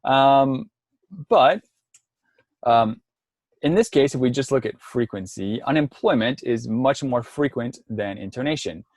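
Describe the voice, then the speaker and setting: A man's voice: mid-range voice, animated, unhurried, darkish tone, no room sound, studio quality. A man presenting an online workshop, explaining step by step with frequent ums and restarts over a video call. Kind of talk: online lecture.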